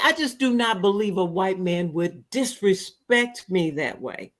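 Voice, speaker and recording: Woman podcast host, animated storyteller, acts out voices in her stories. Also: mid-range voice, a little slow. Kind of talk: casual chat.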